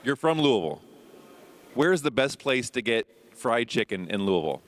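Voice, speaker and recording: A man's voice: mid-range voice, big pitch swings, normal speed. A man from Indianapolis, co-hosting a podcast panel on a convention stage and cracking dry jokes. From Indianapolis, USA. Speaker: podcast co-host. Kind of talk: live podcast panel talk.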